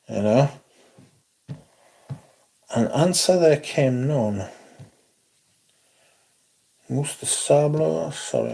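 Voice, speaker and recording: A man's voice: mid-range voice, vocal fry, darkish tone, husky. A man hosting a livestream, chatting casually in a sweary, rambling way. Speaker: fragrance livestream host.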